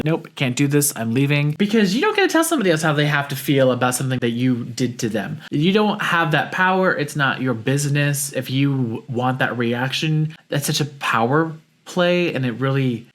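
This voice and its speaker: A man's voice: fairly high pitch, a bit bright. A young adult man hosting a podcast, talking through his thoughts in a casual, reflective way with frequent restarts. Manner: conversational, reflective, restarts mid-sentence. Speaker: podcast host. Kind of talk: casual solo commentary.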